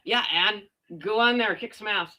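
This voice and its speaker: A woman's voice: mid-range voice, normal speed, pushed and bright. A middle-aged woman from Canada, ranting in casual, blunt, sarcastic commentary with slang and mild swearing. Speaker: commentary vlogger.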